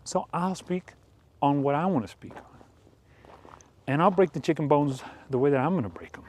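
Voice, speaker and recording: A man hosting a rambling commentary show, speaking with mocking deadpan sarcasm. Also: a little high, normal speed, slight background noise. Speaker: commentary host.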